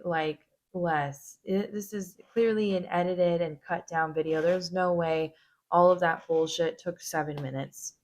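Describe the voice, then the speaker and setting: A woman hosting a reaction video, giving blunt, casual commentary full of swearing. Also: on the low side.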